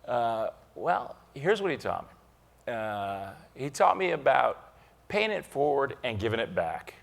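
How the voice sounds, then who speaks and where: A man's voice: medium pitch, a little slow, vocal fry. A man from Ohio, a company CEO, telling stories as the guest of an on-stage keynote interview. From Ohio, USA. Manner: animated storyteller.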